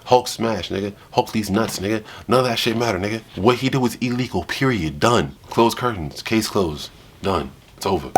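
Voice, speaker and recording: A man's voice: lowish voice, normal speed, slight background noise. A man ranting in a heated, profane way while reacting to a clip with friends. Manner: animated, emphatic, swearing.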